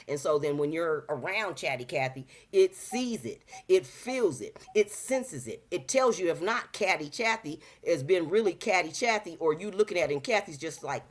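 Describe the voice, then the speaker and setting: A woman in her fifties chatting casually as a talk show guest, animated and preachy, full of slang, acting out little quoted voices. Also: low-pitched, moderate pace, hardly any pauses. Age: 50s. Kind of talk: casual chat.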